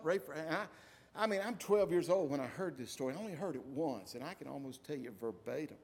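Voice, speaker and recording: A man preaching a sermon, his voice pitched high above most men's. He tells his stories with lively energy and acts out the voices of the people in them. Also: quick pace, breathy edge. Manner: animated storytelling, acts out voices. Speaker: pastor.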